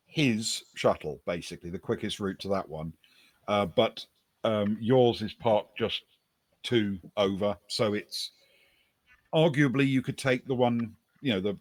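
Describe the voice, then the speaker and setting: A man with a lowish voice runs a tabletop game, narrating each scene in an unhurried, pausing way. The sound is dry and close, with no room around it. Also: no room sound. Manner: descriptive, unhurried narration with many pauses. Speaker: game master.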